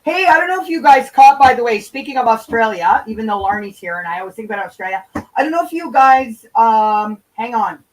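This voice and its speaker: A woman's voice: fairly high pitch, animated, brisk, distant mic, rough recording. A woman hosting a livestream in casual chat, answering viewers' comments in a loose, profane, bantering way. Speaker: livestream host.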